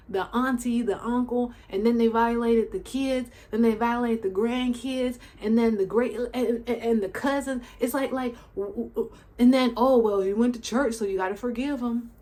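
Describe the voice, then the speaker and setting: A woman's voice: on the high side, a little mellow. Outraged woman ranting with rhetorical questions. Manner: outraged, exclaiming rhetorical questions, casual slang. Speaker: commentary channel host. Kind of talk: emotional commentary monologue.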